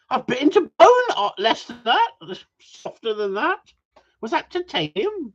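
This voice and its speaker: A man's voice: very high-pitched, sing-song, a little slow. A man, teasing and joking crudely with friends, swearing freely and laughing often. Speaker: host of a gundog group chat. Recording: dull lo-fi sound.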